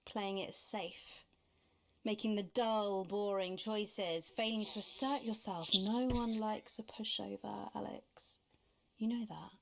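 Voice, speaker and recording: A woman's voice: medium pitch, fairly even intonation, slow pace, creaky. An actress voicing a scheming, mocking news anchor in a game, sly and seductive in her delivery. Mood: taunting. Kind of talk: game voice acting.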